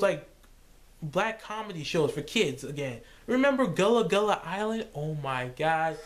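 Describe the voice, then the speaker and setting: Animated young man, lively high voice. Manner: animated, jumps into silly voices and laughs. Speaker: vlogger. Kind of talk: casual rambling monologue.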